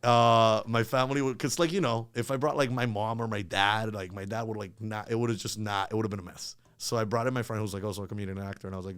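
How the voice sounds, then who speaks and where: A man's voice: fairly low pitch, fairly even intonation, fast, few pauses, fairly bright tone, clean tone, no room sound. A man telling a story casually as a podcast guest, rambling with lots of filler words.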